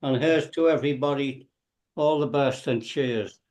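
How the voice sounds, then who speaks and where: A man's voice: mid-range voice, normal speed, a little mellow. A man with a Scouse accent chatting on a video call in a chummy, toasting way. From England. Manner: chummy, toasting, loose phrasing.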